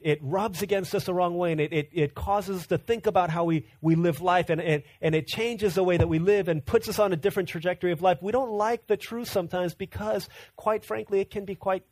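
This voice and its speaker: An earnest male pastor preaching a sermon in a notably high voice. He tells stories to the congregation and restates his lines as he builds toward a point. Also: a little mellow. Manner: earnest, repeats words when building a point.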